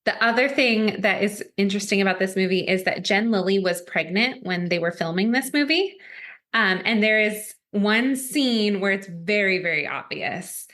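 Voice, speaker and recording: A woman's voice: medium pitch, normal speed, fairly bright tone. A woman co-hosting a podcast, telling a story in a chatty way with frequent giggles. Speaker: podcast co-host. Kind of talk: casual chat.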